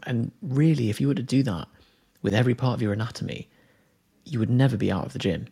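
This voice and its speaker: A man's voice: medium pitch, fast, vocal fry, dark tone, breathy edge. A man co-hosting a podcast, jokey and opinionated, reading out a listener's comment. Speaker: podcast co-host. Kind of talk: casual chat.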